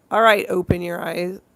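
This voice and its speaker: A woman's voice: low-pitched, creaky, a little mellow. A woman hosting a casual livestream, rambling and giggly as she reads out names from the chat. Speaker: livestream host.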